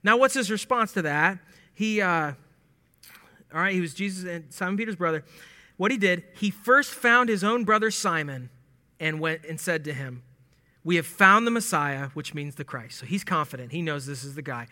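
A man with a high, very bright voice teaches through scripture in a relaxed, humorous way. He acts out the lines and laughs along. The sound carries a long reverb from a large hall. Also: normal speed. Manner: animated and joking, acting out lines with laughs. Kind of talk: casual verse-by-verse Bible teaching.

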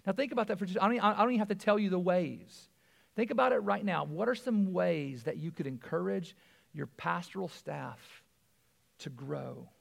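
Male pastor, 40s, conversational sermon, raised pitch, gravelly texture. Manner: conversational preaching with frequent asides and repeated words.

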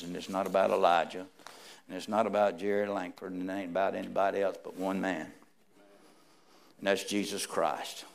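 A man preaching a sermon, reading scripture aloud and swinging between hushed, slow lines and loud, rising ones. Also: mid-range voice, vocal fry.

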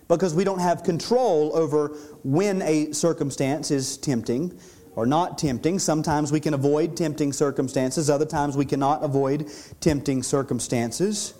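A high-pitched man with a drawl preaches from the pulpit. He teaches emphatically and stretches out key phrases to drive them home. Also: darkish tone. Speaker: pastor. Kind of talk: expository sermon.

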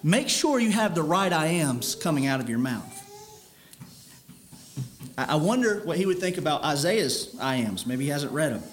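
Male preacher, higher register, stern and earnest sermon delivery with restarts. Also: very animated, normal speed, a little hiss or hum. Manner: earnest, stern, repeats words while building a point.

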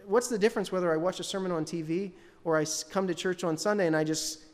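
A man's voice: sits high, fast talker. A man giving a sermon as pastor, talking in a conversational way and putting questions to the congregation. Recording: long hall reverb.

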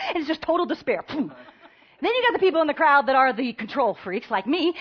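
A woman preaching a sermon, telling stories with lively energy and acting out the voices of the people in them. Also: high voice, quick pace, muffled recording. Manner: animated storytelling, acting out voices of the crowd.

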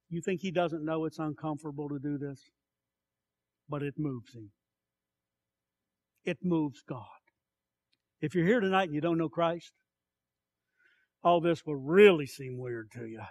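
High-voiced preacher, slow and impassioned. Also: male voice, no room sound. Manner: impassioned, declaiming scripture slowly, dropping to soft asides. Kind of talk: sermon.

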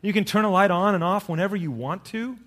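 A middle-aged man, a pastor, giving a sermon with jokes and storytelling that rise to lively emphasis. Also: sits high, fast talker, long reverb tail.

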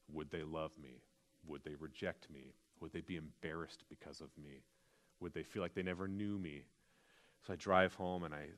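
A man's voice: low voice, a bit bright. A man, a pastor, preaching a sermon in an earnest, confessional storytelling manner.

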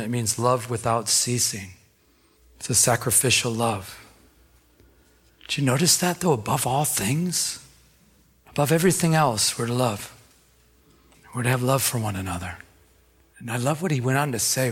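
A male pastor preaching a sermon, telling personal stories in an animated way and often restarting his sentences. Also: mid-range voice, breathy edge. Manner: animated storytelling, self-correcting restarts.

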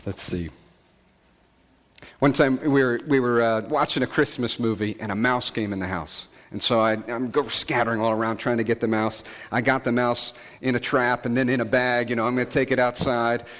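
A man's voice: mid-range voice, moderate pace. Man preaching in a reverberant hall. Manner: relaxed storytelling with frequent filler words and asides. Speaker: pastor. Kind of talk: conversational sermon.

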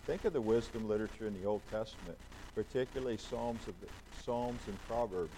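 A man's voice: on the low side, brisk, warm tone, slight background noise, low-quality recording. A man, a pastor, preaching a conversational sermon and putting questions to the congregation.

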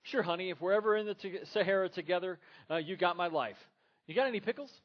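A man's voice: high-pitched, quick pace, muffled recording, voice pushed up, lightly acted. A man voicing a lazy young husband who dodges his wife's questions with offhand jokes. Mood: wisecracking. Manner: wisecracking, offhand.

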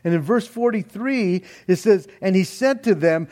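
A man's voice: high voice, animated, moderate pace, few pauses, a little mellow. A middle-aged man preaching an expository sermon, reading scripture aloud with earnest emphasis. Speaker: pastor.

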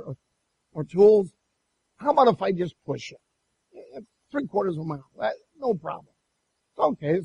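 A male pastor delivers a sermon, telling a personal story in an animated way. His voice sits high and carries a husky edge. He often restarts his phrases as he goes. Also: muffled recording.

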